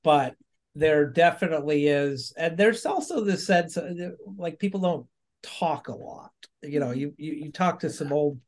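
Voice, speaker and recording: A man's voice: a little high, expressive, measured pace. A man from Maine in casual conversation, chatty, laughing often and restarting his sentences. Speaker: podcast guest. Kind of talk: casual chat.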